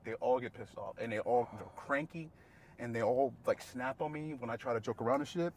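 A young man co-hosting a casual podcast, telling crude stories with loud, animated delivery. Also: medium pitch, fairly quick, slight background noise. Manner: loud, animated storytelling with profanity. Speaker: podcast co-host.

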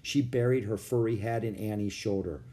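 A man narrating a children's storybook with an expressive reading. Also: lowish voice, normal speed.

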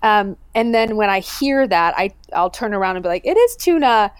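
A woman's voice: mid-range voice, moderate pace, clear, resonant tone, no room sound, studio quality. A woman being interviewed about her popular dog account, talking earnestly and enthusiastically with lots of fillers and restarts. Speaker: guest, owner of a popular pet account. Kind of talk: casual interview conversation.

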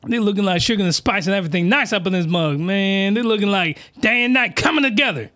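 A man's voice: high voice, expressive, fast talker, pushed and bright. A man giving a crude, rambling comic review, full of fillers and asides. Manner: rambling, rough-edged, with many fillers. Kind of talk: crude comedic commentary.

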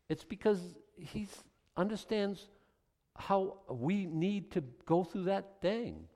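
A man's voice: high voice, very animated, slow. Man preaching in a reverberant hall. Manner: swings from quiet scripture reading to loud, emphatic preaching. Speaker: pastor. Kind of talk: expository sermon.

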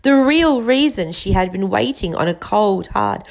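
A woman narrating a storybook aloud in an expressive reading style. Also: unhurried, gravelly. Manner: expressive reading with lively pitch. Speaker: audiobook reader.

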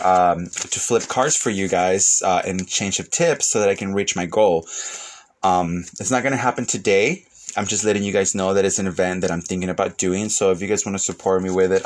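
A man giving a casual livestream tarot reading, rambling and emotional, swearing freely. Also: lowish voice. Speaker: tarot reader. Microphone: phone or webcam.

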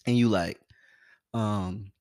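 Animated man telling a wild story. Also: lowish voice, slow. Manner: animated, acts out quoted voices, laughs often. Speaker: podcast co-host. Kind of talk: casual storytelling.

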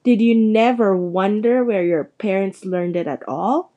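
Hagrid, a woman doing a gruff giant. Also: measured pace, mellow, dull audio, close to an everyday voice. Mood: angry. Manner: booming, indignant. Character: huge, gruff, good-hearted giant man.

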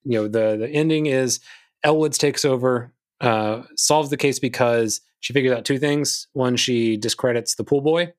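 A man's voice: mid-range voice, moderate pace. A man hosting a podcast in casual chat, recapping a film with wry asides. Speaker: podcast host.

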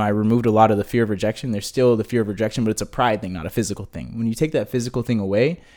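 A man's voice: mid-range voice, a little mellow. Laid-back slangy young man. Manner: laid-back slangy talk with many "like" fillers. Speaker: guest, marketing business owner. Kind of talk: casual interview chat.

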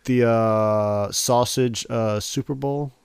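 A young man co-hosts a podcast with a joking, profane streak, teasing and bantering easily. His voice sits at a mid pitch and is recorded dry and close. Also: steady tone, slow pace, smooth, dry recording. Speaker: podcast co-host.

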